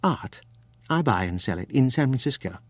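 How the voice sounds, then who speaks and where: A man voicing a smooth, inquisitive English-born art dealer in his forties, with a light English accent, in an audiobook reading. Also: medium pitch, animated, moderate pace, dry recording, lightly acted. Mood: curious.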